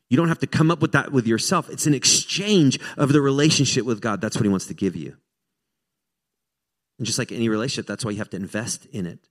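An American man, a pastor, preaching a sermon in a casual, self-deprecating way, with frequent restarts and joking asides. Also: on the low side.

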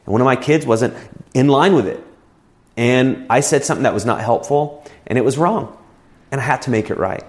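A man's voice: medium pitch, brisk. A man preaching a sermon as a pastor, conversational and telling personal stories. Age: adult with children.

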